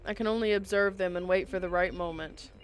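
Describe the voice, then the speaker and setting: A woman's voice: fairly low pitch, steady tone, a little fast, soft background music. A woman playing a visual novel and reading all of its text and dialogue aloud, with casual asides of her own between the lines. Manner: reads all parts herself, with casual asides. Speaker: game player reading aloud.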